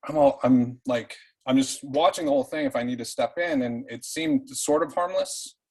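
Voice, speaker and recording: Brief: husky-voiced man, loose profane storyteller on a call, mid-pitched, keeps restarting. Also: poor audio. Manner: profane, animated, restarts often. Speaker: participant. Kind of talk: casual spoken storytelling.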